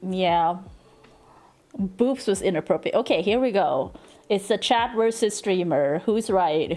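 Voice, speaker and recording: A woman streamer chatting casually at her home desk into a desk microphone, excitable, gushing thanks, laughing and swearing. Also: mid-range voice. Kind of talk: casual live-stream chat.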